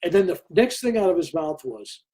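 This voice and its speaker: A man's voice: sits high, brisk. An older man telling a story as an interview guest, acting out what other people said. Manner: animated storyteller who acts out other people's lines. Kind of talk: storytelling in conversation.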